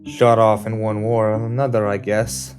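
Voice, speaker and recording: A man voicing a worn-out, terse gunslinger with a husky murmur. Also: lowish voice, level tone, moderate pace, close to an everyday voice. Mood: weary. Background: guitar music.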